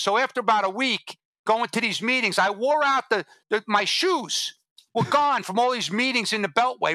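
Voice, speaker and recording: A middle-aged man, a former drug agent, telling blunt, animated stories as a podcast guest and acting out the dialogue. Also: high voice, no room sound. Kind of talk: anecdotal storytelling in a podcast interview.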